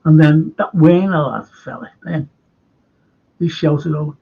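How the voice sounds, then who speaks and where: Gravelly man telling stories. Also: a little high, fairly even intonation, unhurried, long pauses, mellow. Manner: anecdotal storyteller, swears freely. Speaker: host. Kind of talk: casual fan show chat. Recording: dull lo-fi stream audio.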